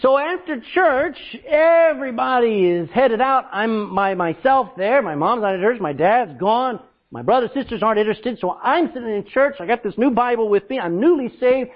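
A man preaching a sermon, telling stories loudly and acting out what people said. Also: very high-pitched, moderate pace, dull audio. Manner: loud, animated preaching with acted-out quotes. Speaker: pastor. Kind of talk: storytelling sermon.

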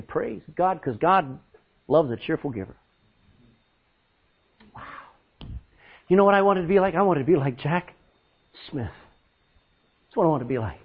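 Loud, animated male preacher. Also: fairly high pitch, a little fast, pauses often, slightly rough, narrow, tinny audio. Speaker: pastor. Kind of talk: storytelling sermon.

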